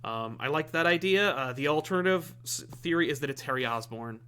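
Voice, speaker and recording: A man's voice: on the high side, lively intonation, fairly quick, bright, forceful tone, clean tone. A man co-hosting a comic review podcast, talking casually in a rambling way with lots of fillers and restarts. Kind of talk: casual chat.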